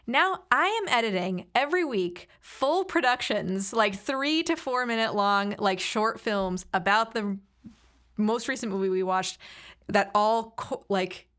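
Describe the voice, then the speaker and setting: Woman on a podcast as a guest, rambly chatty storytelling, mid pitch. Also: expressive, unhurried, fairly bright tone. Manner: chatty, rambling with fillers and laughs. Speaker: podcast guest, actor and filmmaker. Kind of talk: casual chat.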